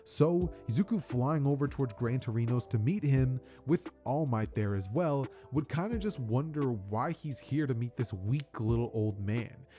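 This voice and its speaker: A man's voice: medium pitch, lively intonation, normal speed, few pauses, dark tone. A man casually narrating a fan-made story, rambling with lots of fillers. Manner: rambling, filler-heavy retelling. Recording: faint background music.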